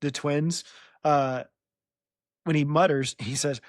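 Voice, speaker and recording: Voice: medium pitch, steady tone, takes it slowly, no room sound, clean studio sound. A podcast host retelling a book in casual chat, teasing the guest and laughing often.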